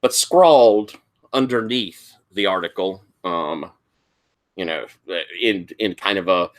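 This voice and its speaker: A game master narrating a tabletop role-playing session and setting scenes for a player. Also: deep voice. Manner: unhurried, lively storytelling.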